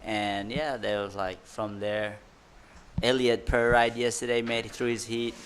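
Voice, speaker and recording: A man's voice: lowish voice, flat delivery, a little slow, slight background noise. A male surf commentator calls the heat live with easy enthusiasm, letting out little exclamations as riders carve. His phrasing is loose and conversational, drifting into chatty asides between waves.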